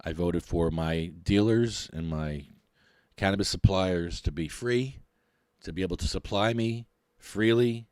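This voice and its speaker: A middle-aged man, hosting a podcast and ranting in a mocking, animated way. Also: sits low, measured pace, smooth, no room sound, studio quality. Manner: animated, mocking, laughs often. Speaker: podcast host.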